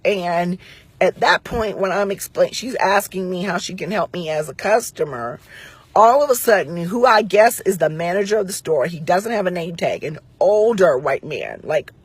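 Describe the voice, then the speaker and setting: A woman's voice: fairly low pitch, lively intonation, moderate pace, husky, no echo. A middle-aged woman from Central Ohio telling a storytime rant, acting out the lines of each person in the story. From Central Ohio, United States. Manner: conversational storytelling acting out quoted dialogue. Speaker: vlogger.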